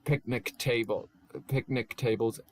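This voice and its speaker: A man's voice: medium pitch, steady tone, a little slow. A young man reading a silly fan story aloud, stumbling over words and stopping to poke fun at the text. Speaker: channel host. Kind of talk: comedic fan-fiction reading.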